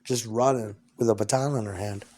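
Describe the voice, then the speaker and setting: A man's voice: fairly low pitch, fairly even intonation, fairly quick, mellow. A man at home, talking in a rambling, profane, stream-of-consciousness monologue.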